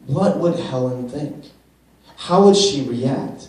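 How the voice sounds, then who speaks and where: A man's voice: on the high side, moderate pace, warm tone. A young man, a youth pastor, preaching an earnest sermon full of rhetorical questions and repeated phrases. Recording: very echoey room, distant mic.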